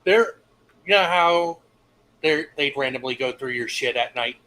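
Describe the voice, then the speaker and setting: A man's voice: medium pitch, a little slow, pushed and bright, low-quality recording. A young man co-hosting a casual stream, telling laid-back stories and swearing freely. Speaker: stream co-host. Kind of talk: casual storytelling chat.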